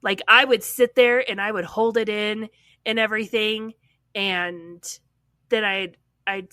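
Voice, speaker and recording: A woman's voice: mid-range voice, fairly even intonation, measured pace, sharp tone, clear, resonant tone, no room sound. A woman co-hosting a casual podcast conversation, frankly recounting what happened to her. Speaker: podcast co-host.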